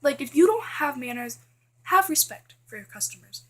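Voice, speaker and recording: A woman's voice: high voice, very animated, normal speed. A teenage girl vlogging casually, chatty and full of fillers, complaining about things that annoy her. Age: teens. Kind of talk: casual list vlog.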